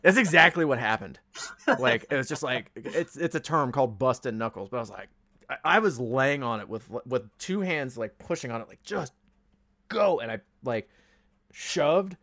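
A man's voice: medium pitch, lively intonation, normal speed, sharp tone, dry recording, clean studio sound. A man co-hosting a podcast, chatting casually and telling a long story with lots of ums and uhs. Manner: rambling storytelling with many fillers. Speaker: podcast co-host. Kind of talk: casual chat.

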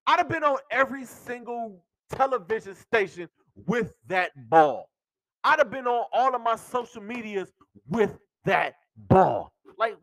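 A man hosting a podcast with a strikingly high voice that swings up and down in lively leaps. He rants about sports in an excitable way, cursing and laughing as he talks. The sound is dry and close. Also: no echo. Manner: excitable, swearing, laughing while talking. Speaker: podcast host. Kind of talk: animated sports rant.

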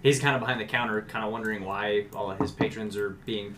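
A man's voice: on the low side, fairly even intonation, fast, fairly bright tone, slight background noise. A man narrating as game master of a tabletop game in a loose, filler-heavy way.

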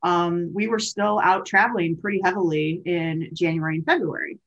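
Woman co-host, chatty and meandering, lowish voice, dull lo-fi sound. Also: steady tone, moderate pace, fairly bright tone. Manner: chatty, meandering, with fillers and self-corrections. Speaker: podcast co-host. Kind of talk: casual conversational storytelling.

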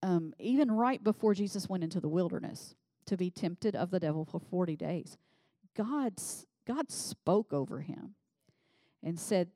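A woman preaching a sermon in a conversational way, reading scripture and becoming animated as she voices the people in it. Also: on the low side, normal speed, no room sound. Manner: conversational, animated when voicing scripture figures.

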